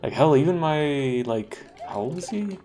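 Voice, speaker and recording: A man in his thirties chatting casually while streaming a game, relaxed, laughing often and swearing freely. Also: fairly high pitch, moderate pace.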